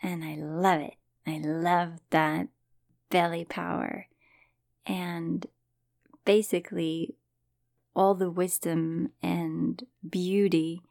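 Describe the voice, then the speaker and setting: A woman hosting a personal storytelling podcast, talking in a soft, partly whispered, reflective way. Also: fairly low pitch, gravelly, no echo, studio quality. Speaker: podcast host.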